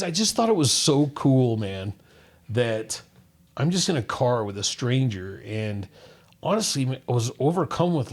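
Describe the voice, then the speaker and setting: A middle-aged man from Utah co-hosts a podcast, his mid-range voice a little mellow. In casual chat he tells a personal story earnestly and ramblingly, restarting again and again.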